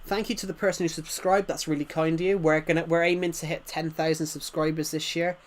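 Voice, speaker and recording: A man's voice: on the high side, level tone, quick pace. A man in his twenties with a thick rural British accent, chatting casually and rambling to his chat as a game streamer. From United Kingdom. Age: 20s.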